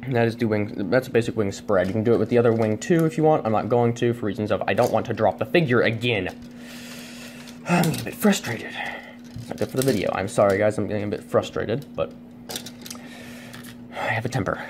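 A man's voice: fairly low pitch, fast, background noise. A man reviewing a toy at home on camera, rambling and self-deprecating, with many fillers and restarts. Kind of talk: casual unscripted review. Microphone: camera on a tripod.

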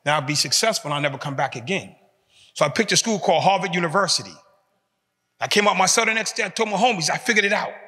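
Man, 50s, motivational speaker, high bright voice, animated street-talk storytelling, long hall reverb. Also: fast. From United States. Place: large hall in a prison.

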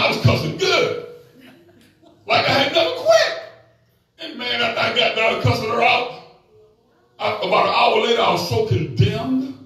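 A man in his sixties preaching a sermon, folksy and joking, drawing replies from the congregation. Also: very high voice. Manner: animated, folksy, joking storyteller. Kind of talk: sermon with call-and-response. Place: church sanctuary. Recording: echoey church hall from far off, faint music.

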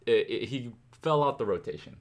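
A man's voice: mid-range voice, lively intonation, brisk. A young man hosting a casual music reaction, talking through rhyme schemes and reciting lyrics to pick them apart.

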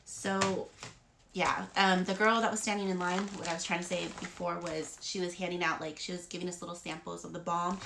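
A woman's voice: fairly low pitch, flat delivery, fairly quick, vocal fry, background noise. A woman vlogger chatting casually about free beauty products, rambling with frequent fillers. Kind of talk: casual haul chat.

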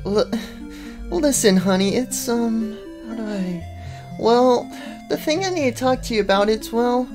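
Casting: soft, hesitant pregnant young woman, voiced by a woman, stammers a lot, lively pitch. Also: a little slow, music in the background. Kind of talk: machinima voice acting.

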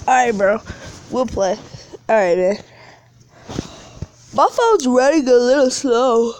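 Slangy, slow-talking woman streamer. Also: fairly high pitch, darkish tone. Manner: slangy, calls viewers bro and man; whiny complaints about lag. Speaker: live streamer. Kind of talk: casual game streaming chat.

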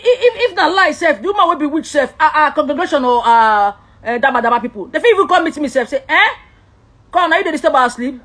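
A woman's voice: sits high, a bit bright. A woman with a Nigerian accent delivering an impassioned, accusatory vlog rant, swinging between tears and laughter.

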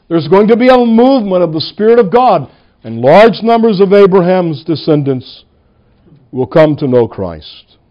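A man, a pastor, preaching a sermon in a church, stressing single words and slowing down on key lines. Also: high voice, big pitch swings, muffled recording.

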